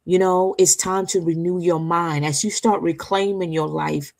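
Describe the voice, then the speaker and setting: A woman with a slightly low voice delivers an inspirational faith talk to her listeners. She preaches in a loose, conversational way, repeating herself for emphasis and checking in with "right?" Her manner is warm-hearted encouragement rather than formal sermon. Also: fairly even intonation, moderate pace, creaky. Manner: emphatic, repetitive, seeks agreement with "right?". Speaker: talk show co-host.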